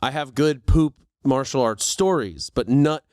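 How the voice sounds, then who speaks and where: A man's voice: mid-range voice, a little slow, darkish tone, no echo, studio quality. A man co-hosting a podcast, laid-back, reacting with groans and jokes. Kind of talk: casual podcast chat.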